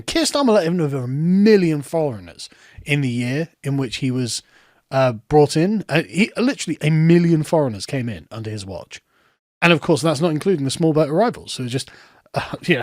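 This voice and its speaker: A man's voice: high voice, dry recording, studio quality. A man, ranting in heated, sarcastic political commentary.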